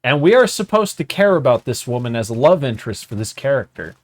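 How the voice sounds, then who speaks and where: A man in casual gaming-stream chat with a friend, rambling, swearing and laughing often between sentences. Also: fast. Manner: animated, jumps up and down in pitch.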